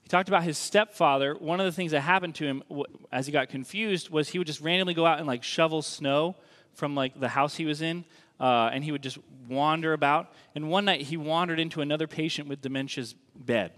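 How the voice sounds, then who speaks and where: A man preaching a sermon in a conversational, emphatic way, slowing down to stress key lines. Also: on the high side, fairly bright tone. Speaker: pastor. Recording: long reverb of a large hall.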